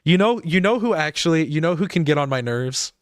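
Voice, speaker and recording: A man's voice: a little high, expressive, a little fast, clear, resonant tone, no room sound, clean studio sound. A man streaming a game live, rambling and laughing as he talks to his chat.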